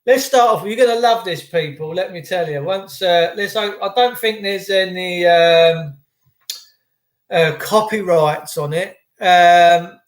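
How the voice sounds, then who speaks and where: A high-voiced man chats loosely to his livestream viewers, greeting them by name and wandering from topic to topic. His voice rings around an echoey room. The talk stays casual and rambling throughout. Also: measured pace. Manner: chatty, rambling banter with viewers. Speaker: livestream host.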